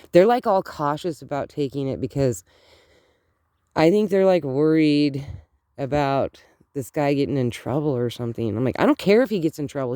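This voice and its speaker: A middle-aged woman ranting in a casual outdoor vlog, animated and indignant, rambling with many fillers, recorded on a handheld phone. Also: low-pitched, clean tone, no room sound, studio quality. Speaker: vlogger. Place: outdoors in cold morning air.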